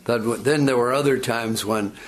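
Older male preacher, folksy halting sermon delivery, steady mid voice. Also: mid-range voice, slight background noise. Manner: halting, repeats words, conversational storytelling. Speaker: pastor.

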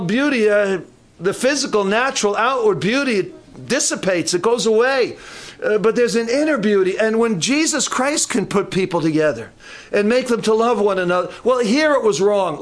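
An older male pastor delivers a folksy sermon at a church camp in a fairly high voice. He slips in humorous asides and often stumbles and restarts his phrases. His delivery is homespun and conversational.

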